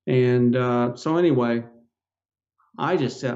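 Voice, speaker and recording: A man's voice: medium pitch, fairly even intonation, moderate pace, warm tone, dull audio. An older man, a podcast guest, telling his story in an earnest, folksy way and acting out the dialogue. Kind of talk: storytelling interview.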